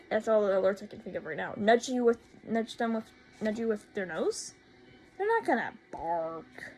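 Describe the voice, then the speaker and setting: Indignant teen girl with a gravelly voice. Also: medium pitch, slight background noise, low-quality recording. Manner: indignant, sarcastic, repeats herself for emphasis. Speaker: vlogger. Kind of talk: storytime rant.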